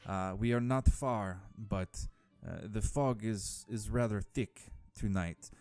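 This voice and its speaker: Polite caravan boss guy, low voice, kinda formal, dm doing the voice. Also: slow, darkish tone, clean tone, soft background music. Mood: courteous. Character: friendly, courteous male caravan leader.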